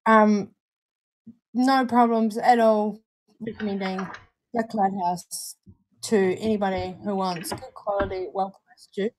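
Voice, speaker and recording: A woman's voice: medium pitch, steady tone, measured pace, slight background noise, rough recording. A young woman with a New Zealand accent, co-hosting a casual live-stream review in a chatty, easygoing way. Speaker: co-host reviewing vape juice.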